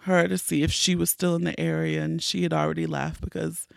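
A woman's voice: low-pitched, flat delivery, a little fast, vocal fry, no echo, studio quality. A woman podcast host telling a personal story in an emotional, candid way, tearful and full of fillers and restarts.

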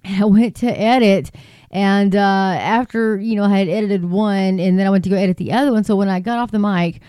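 Woman, solo podcast host, rambling chatty delivery, warm smooth tone, dry close mic. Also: mid-range voice, steady tone, a little fast, no room sound. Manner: rambling, chatty, frequent restarts and asides, laughs often. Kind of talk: casual solo podcast commentary. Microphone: podcasting microphone.

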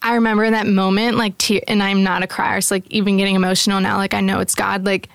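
A woman's voice: mid-range voice, little pitch movement, fast talker, creaky, smooth, no echo. Woman in her 30s chatting about faith, earnest storytelling, dry close sound. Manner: storytelling, earnest, frequent "like" fillers. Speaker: podcast host. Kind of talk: casual faith chat.

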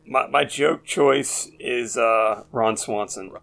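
A man's voice: medium pitch, takes it slowly, gravelly, fairly bright tone. A man co-hosting a podcast, speaking hesitantly in casual chat. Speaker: podcast co-host.

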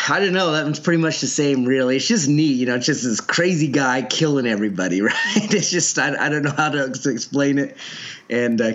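Male podcast co-host, mid pitch, casual rambler, chuckles a lot, muffled lo-fi audio. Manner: rambling, laughs often, many fillers. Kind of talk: casual chat.

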